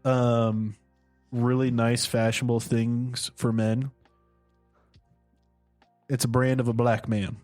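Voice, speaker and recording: A man's voice: mid-range voice, level tone, takes it slowly, pauses often, darkish tone, dry recording, soft background music. Brief: laughing, joking man, podcast co-host, dry studio sound. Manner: joking, laughs often, riffs on ideas. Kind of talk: casual comedic chat.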